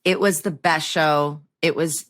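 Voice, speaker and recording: Low-voiced, chatty woman guest. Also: steady tone, measured pace, a bit bright, no echo, studio quality. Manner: chatty, self-deprecating storyteller. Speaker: guest actor. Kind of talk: casual podcast chat.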